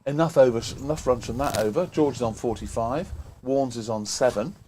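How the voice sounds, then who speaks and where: A man calmly commentating on a local cricket match, listing field placings and the score. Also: medium pitch, fairly quick, slight background noise. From England. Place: cricket ground, outdoors.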